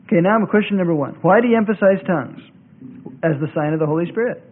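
Bible teacher, male, high voice, insistent and repetitive, narrow phone-like old tape. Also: quick pace. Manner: argumentative, repeats points for emphasis. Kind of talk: classroom lecture.

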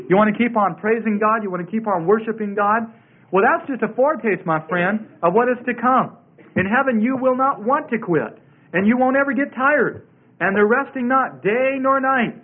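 A man teaching a Bible study in a sermon style, emphatic and repeating his key words. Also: high voice. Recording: tinny phone-like radio broadcast.

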